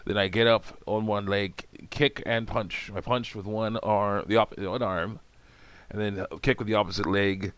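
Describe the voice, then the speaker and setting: A man's voice: lowish voice, fairly even intonation, moderate pace, a bit bright, clear, resonant tone, no room sound. A man chatting casually as host of a game video, rambling with many fillers and chuckles. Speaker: let's play video host.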